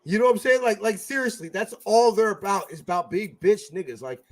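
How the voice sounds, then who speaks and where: This is a man co-hosting a casual fan podcast, his voice sitting a little high for a man. He talks fast and profanely, with sudden loud outbursts between quieter muttering. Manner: profane, excitable, swings loud and soft. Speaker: podcast co-host. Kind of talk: casual sports fan chat.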